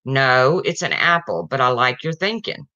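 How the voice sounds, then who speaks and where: A prim, patient schoolteacher quizzing her class, as a streamer telling jokes puts her on. The voice is bright and lively, and it sounds dry and a little dull, like lo-fi stream audio. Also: medium pitch, moderate pace, no echo.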